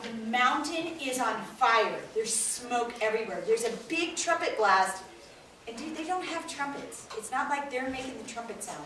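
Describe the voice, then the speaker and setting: Bible teacher, woman, high voice, storytelling to a class, recorded from afar in a noisy echoey room. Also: far from the mic. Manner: expressive storytelling, quizzing the children. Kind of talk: animated Bible lesson for kids. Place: classroom with children.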